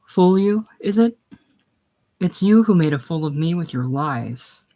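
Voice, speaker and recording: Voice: mid-range voice, a little slow, close to an everyday voice. A reader voicing a proud, bitter young farm woman in a casual play reading, speaking hard and grim. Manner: hard and grim, with soft crooning moments.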